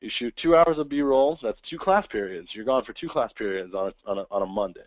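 A man giving a casual webinar talk, acting out quick voices of kids and parents. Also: mid-range voice, no room sound. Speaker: webinar presenter. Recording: tinny phone-like line, dry.

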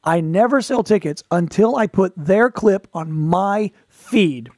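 Guy with a fairly high voice, dry close recording, chatty and wry, tosses in asides. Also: animated, a little mellow, no echo. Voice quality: conversational, wry storytelling. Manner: quick asides and playful put-on voices for quotes. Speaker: podcast host, performer. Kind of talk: casual advice talk.

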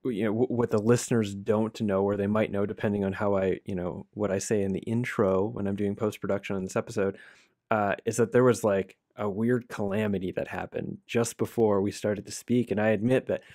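A man hosts a podcast and asks his questions in a candid, meandering way. His voice sits fairly low. The recording is dry and close. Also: steady tone, fairly quick, darkish tone, dry recording. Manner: reflective, rambling, candid. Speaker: podcast host. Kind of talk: conversational interview.

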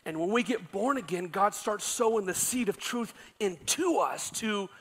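A middle-aged male pastor preaching a sermon, telling a story quietly, then rising into loud, impassioned exhortation. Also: high-pitched, expressive, normal speed, hardly any pauses, slightly rough.

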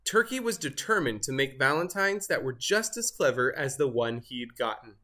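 A man reading a children's picture book aloud in an expressive storybook manner. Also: medium pitch, moderate pace. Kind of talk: scripted read-aloud narration.

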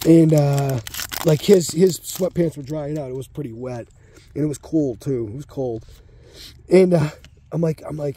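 A man's voice: fairly high pitch, normal speed, dark tone, breathy edge. A middle-aged man giving laid-back, slangy commentary as he opens card packs. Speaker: card pack opener. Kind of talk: casual commentary while opening packs.

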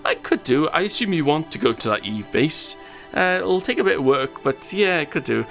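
A man's voice: a little high, expressive, moderate pace, creaky, a bit bright, soft background music. A man hosting a gaming channel, chatting through his gameplay and reading out viewer comments, rambling a little and chuckling at his own jokes.

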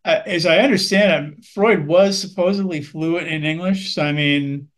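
A male film critic with a slightly high voice gives a measured, earnest review. He often pauses on ums and uhs while weighing his words.

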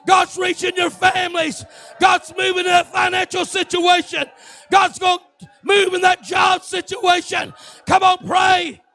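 Shouting preacher, high and gravelly. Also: male voice, flat delivery, unhurried, faint music behind, some chatter behind. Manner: fervent, shouting, exhorting the congregation to pray. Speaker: pastor. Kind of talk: Pentecostal sermon, shouted prayer.

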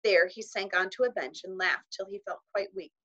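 A woman narrates a children's novel aloud in a measured storytelling manner, with voices for its characters. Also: medium pitch, sharp tone, muffled recording. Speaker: audiobook reader.

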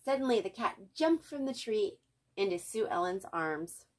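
An older woman reading a children's picture book aloud as a storyteller, gently speaking to young listeners. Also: medium pitch, expressive, normal speed. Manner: gentle, warm, child-directed.

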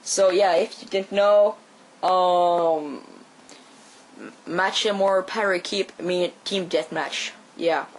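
A man with a Quebec French accent, a native French speaker, talks through his gameplay at an easy, slow pace. He swears freely and breaks into sudden high-pitched yelps and cries during the action. A faint noise hums beneath his voice. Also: fairly even intonation, rough recording. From Quebec, Canada. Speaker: gameplay commentator. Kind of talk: casual gameplay commentary.

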